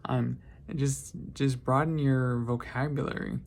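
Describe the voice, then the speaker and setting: Slow, gravelly man telling rambling anecdotes. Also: mid-range voice, fairly even intonation. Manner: rambling, self-correcting, lighthearted. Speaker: vlogger. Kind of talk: casual storytelling monologue.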